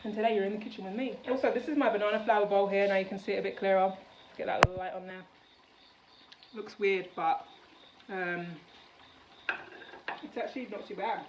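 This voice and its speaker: A woman from the United Kingdom talks her way through a cooking vlog, chatty and rambling with plenty of fillers. Her voice sits at an ordinary middle pitch. It carries the ring of a roomy kitchen, picked up from a distance with faint background sound. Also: fairly even intonation, fairly quick, pauses often, noisy background. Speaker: vlogger. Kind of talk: casual cooking vlog chat. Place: home kitchen.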